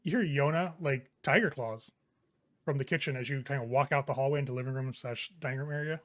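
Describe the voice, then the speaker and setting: A man's voice: mid-range voice, fairly even intonation, fast talker. A man running a tabletop role-playing game, narrating scenes in a casual, crude way. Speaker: game master.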